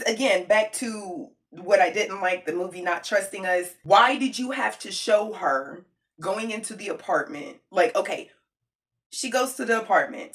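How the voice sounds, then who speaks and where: In her casual film review video, a mother addresses viewers directly with slang and emphasis, repeating points to drive them home. Her mid-range voice sounds a bit bright.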